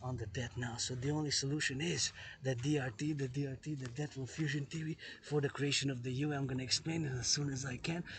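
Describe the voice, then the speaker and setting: A man's voice: mid-range voice, steady tone, quick pace, a bit bright. A man vlogging outdoors in a public place, talking emphatically and repeating phrases again and again. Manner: repetitive, emphatic, loops phrases over and over. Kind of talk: outdoor monologue vlog.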